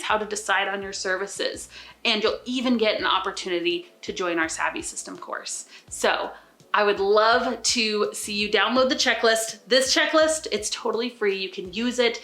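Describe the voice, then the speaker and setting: A woman's voice: medium pitch, sharp tone, reverberant. A woman hosting her own channel, giving enthusiastic and direct business advice straight to the camera. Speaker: channel host, business coach. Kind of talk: upbeat to-camera advice video.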